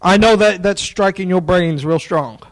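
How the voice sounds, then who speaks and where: A man preaching a sermon in a folksy, joking way, dropping into quiet asides. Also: sits high, normal speed, low-quality recording.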